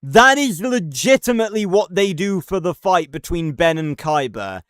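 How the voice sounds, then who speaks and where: A man's voice: high voice, big pitch swings, normal speed, a bit bright, clean tone, no echo, studio quality. A man ranting casually on a live stream, rambling and cursing, with lots of fillers and restarts. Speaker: livestreamer.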